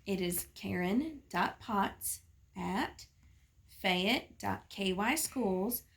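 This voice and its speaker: A woman teacher reading a picture book aloud to children in a calm, clear way. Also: medium pitch, extremely slow. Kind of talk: storybook read-aloud.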